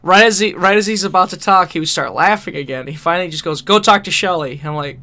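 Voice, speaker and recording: A man's voice: sits high, fast, bright, forceful tone. A man co-hosting a podcast, telling a rambling story in casual chat, laughing often and swearing freely. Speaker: podcast co-host.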